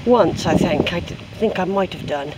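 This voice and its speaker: Here a hiker records his walk up a hillside path, chatting away to viewers in a loose, friendly vlog shot on a handheld camera. He speaks in a high voice at a moderate pace, and there's background noise in the recording.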